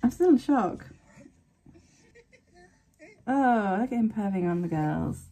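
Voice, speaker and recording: A woman's voice: medium pitch, expressive, slow, mellow. A woman hosting an anime reaction, gasping, exclaiming and swearing bluntly as she comments live.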